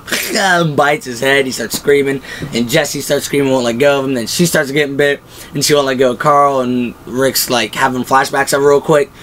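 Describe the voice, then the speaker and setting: A young man talks through a show's episodes in a loose, excited fan recap, piling one scene onto the next. His voice sits at an ordinary middle pitch, and a little faint ambience hums under it. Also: a little hiss or hum. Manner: excited, rambling retelling with quick voiced quotes. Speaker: show host.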